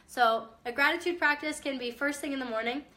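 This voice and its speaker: A woman's voice: high-pitched, a little fast, pushed and bright. A young woman, a mom with a chest cough, giving casual, upbeat motivational talk to her viewers with direct encouragement. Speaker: mom vlogger.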